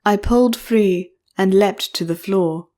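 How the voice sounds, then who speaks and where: A woman reading a first-person fantasy audiobook in a measured, expressive storytelling voice. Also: mid-range voice. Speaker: audiobook narrator.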